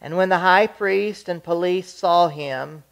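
A reader at a church service, reading scripture in a measured, steady way. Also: medium pitch, creaky.

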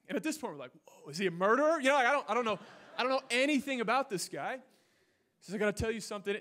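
A young adult man preaching a sermon, telling a personal story with animated swings between loud bursts and hushed, earnest moments. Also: high-pitched. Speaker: pastor. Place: church stage.

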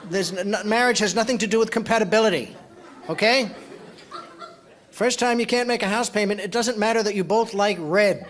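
A man doing deliberate, deadpan stand-up comedy about marriage. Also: sits high. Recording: loud crowd and room noise.

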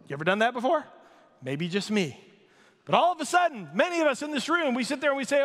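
A man preaching a sermon as pastor of a church, telling a story in an animated way and acting out the shouting voices. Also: very high voice, fast talker, big-room sound. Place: church sanctuary.

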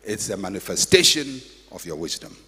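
An older pastor preaching a sermon in a church, with emphatic, repetitive exhortation and humorous asides. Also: male voice, lowish voice, sing-song, moderate pace, background noise. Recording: echoey church hall.

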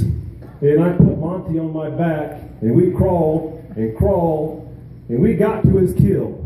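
A veteran speaking at an outdoor charity gathering, his voice deep and mellow in tone but pitched a little high. He talks haltingly, with pauses and fillers. The sound is echoey and distant, with a faint hiss behind. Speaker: veteran and peer mentor. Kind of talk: emotional speech at a charity event. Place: outdoor event in a canyon.

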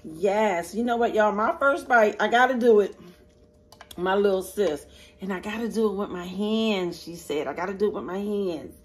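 A woman's voice: medium pitch, normal speed. Chatty woman hosting an eating show. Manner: chatty, talks to viewers as y'all, eats between lines. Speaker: mukbang host. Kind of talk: casual eating-show chat.

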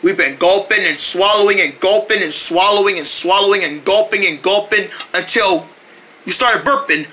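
A high-voiced man with a very bright, sharp tone spins a rambling first-person story. He strings his sentences together playfully and throws in his own sound effects. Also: moderate pace. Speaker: storyteller voicing a character.

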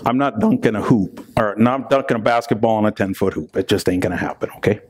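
A man's voice: lowish voice, normal speed, a little mellow. A man preaching a sermon as a pastor in a conversational way, reading scripture and joking between passages, often checking in with "right?".

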